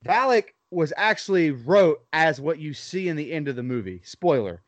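A man's voice: on the high side, animated, moderate pace, dry recording. A man co-hosting a casual podcast, blunt and opinionated, cursing freely as he shares trivia and takes. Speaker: podcast co-host. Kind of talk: casual chat.

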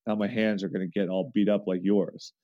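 A man voicing a sweet, eager young girl in plain quoted lines, in his own low voice. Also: flat delivery, brisk, no echo, close to an everyday voice. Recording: dull lo-fi sound.

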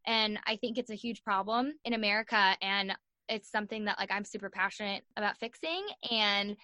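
A young woman in an interview telling a story in a casual, animated way, full of "like" fillers and acted-out quotes. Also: mid-range voice, fairly quick, dry recording. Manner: animated, acts out quoted voices, many "like" fillers. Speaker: guest.

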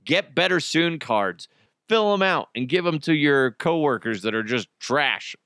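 A man hosting a casual comic podcast, swearing freely and laughing at his own jokes. His bright voice swings widely in pitch. The sound is close and dry. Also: expressive, a little slow, dry recording. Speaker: podcast host. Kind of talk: casual comedic podcast monologue.

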